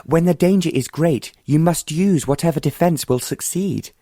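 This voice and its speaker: A man voicing an earnest, gentle young woman, raising his pitch for her questioning, cautious lines. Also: normal speed, no echo, clean studio sound.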